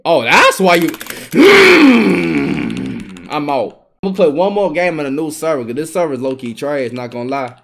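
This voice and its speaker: A man's voice: on the high side, fast talker, few pauses. A young man, giving live trash-talking commentary over his gameplay. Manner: trash-talking, excitable, repeats himself. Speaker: gaming streamer.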